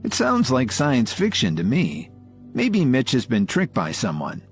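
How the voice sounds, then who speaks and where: A man's voice: medium pitch, huge pitch swings, unhurried, faint music behind. A man voicing Kevin, a polite modest young man. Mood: doubtful.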